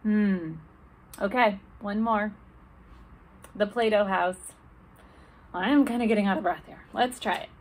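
A woman librarian leading a children's storytime, talking gently and asking the kids questions. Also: mid-range voice, fairly even intonation, unhurried, pauses often, a little hiss or hum.

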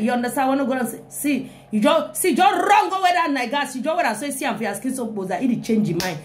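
A young woman, hyping her comic live video in an animated way with frequent exclamations. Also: high-pitched, fast, hardly any pauses. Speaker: live-stream comedian.

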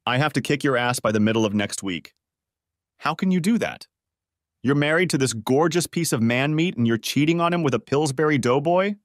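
A man's voice: mid-range voice, expressive, a little fast, dry recording, studio quality, voice pushed up, natural voice. A man reading an audiobook, voicing a brash, betrayed wife who talks bluntly and mockingly. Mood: raging. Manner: blunt, foul-mouthed, mocking. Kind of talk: audiobook character voice.

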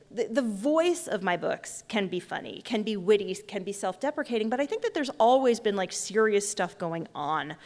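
A woman's voice: on the high side, in a large hall. A woman in her forties, an author giving a chatty, self-deprecating comic storytelling talk on stage.

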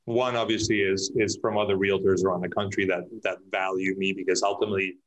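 A man's voice: sits low, level tone, quick pace, poor audio. A man, a real estate agent, talking in a casual podcast interview, telling stories with many restarts and acting out his clients' lines.

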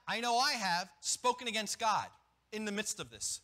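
High-voiced, lively male pastor preaching. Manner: animated, with quick restarts and acted-out asides. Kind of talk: sermon. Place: church.

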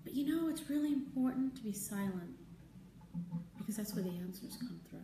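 A woman hosting a live stream as a spiritual teacher, talking gently and conversationally, answering viewer comments and repeating her key phrases. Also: a little high, lively intonation, a little fast, a little hiss or hum. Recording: roomy, distant mic, faint ambience.

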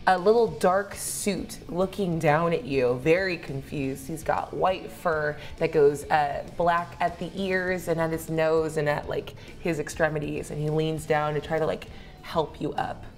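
A woman's voice: deep voice, fairly even intonation, measured pace, darkish tone, soft background music. Chatty woman running a tabletop game. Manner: loose, chatty, with frequent fillers. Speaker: game master.

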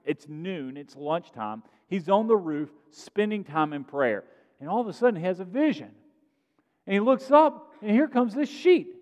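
Man preaching in a reverberant sanctuary. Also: fairly high pitch. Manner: conversational preaching, rising loud on emphasis. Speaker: pastor. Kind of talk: sermon. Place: large church sanctuary.

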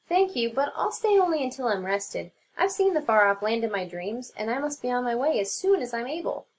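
A woman's voice: a little high, very animated, fairly quick. A woman voicing a small, eager young male mouse in a storybook read-aloud, talking earnestly.

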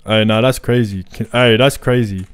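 A young man giving casual, excitable gameplay commentary full of slang. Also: on the low side, normal speed, clear, resonant tone, dry recording. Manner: excitable, slangy, says "bro" constantly. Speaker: gaming video creator.

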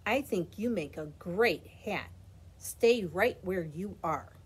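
A woman's voice: fairly low pitch, expressive, slow, husky, exaggerated voice. A woman voicing a playful, bossy little boy who orders his clothes around.

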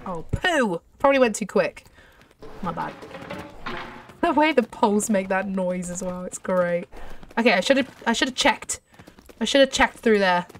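Excitable woman gaming, set back from the mic. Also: medium pitch, unhurried, pauses often, far from the mic, slight background noise. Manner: excitable, gushing, lots of exclamations. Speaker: gaming channel host. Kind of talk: let's play commentary.

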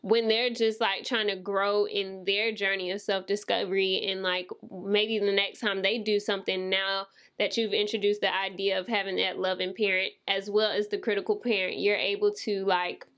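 A woman's voice: mid-range voice, flat delivery, moderate pace, hardly any pauses. A woman hosting a podcast, encouraging her guest in a loose, conversational way with plenty of casual fillers. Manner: warm-hearted encouragement, conversational, many fillers like "like". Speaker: podcast host.

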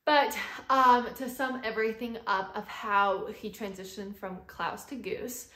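A woman's voice: mid-range voice, steady tone, a little slow, fairly bright tone, slight background noise. Chatty young woman in a roomy space. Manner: chatty, heavy use of "like" fillers. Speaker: vlogger. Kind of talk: casual storytelling. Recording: roomy echo.

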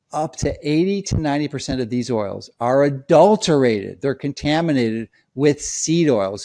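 A man's voice: mid-range voice, vocal fry, a little mellow. A man speaking straight to his audience in an emphatic, lecturing way, repeating his key points. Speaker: health commentator. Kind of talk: direct-to-camera explainer.

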